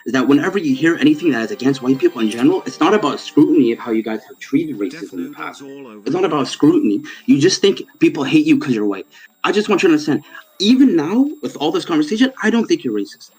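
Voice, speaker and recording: A man's voice: on the high side, big pitch swings, fast, a little mellow, poor audio. A man calling in to a stream, laying out his argument earnestly and at length with frequent restarts. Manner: talks in earnest, at length, with frequent restarts, then mocks and laughs at the host. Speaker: caller, a viewer arguing on the stream. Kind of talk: heated online debate.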